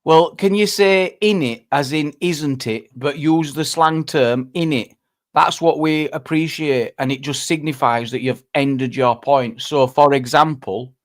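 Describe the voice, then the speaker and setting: A man's voice: on the high side, a little slow. A man, hosting a casual livestream chat in a joking, teasing way. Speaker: livestream host.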